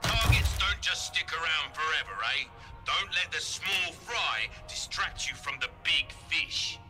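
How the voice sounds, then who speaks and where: An actor playing a male game shopkeeper who runs a shooting range, with theatrical, drawn-out countdowns. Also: fairly high pitch, expressive, sharp tone, exaggerated voice. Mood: advising. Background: game music.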